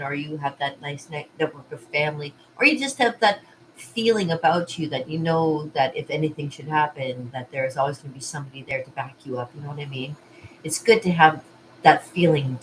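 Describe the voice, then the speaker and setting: A woman with a fairly low voice talks casually to camera from her art studio. She rambles from one thought to the next, laughing often between asides. A faint hum of room ambience sits behind her. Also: low-quality recording. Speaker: party artist and vlog host. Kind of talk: casual rambling vlog chat.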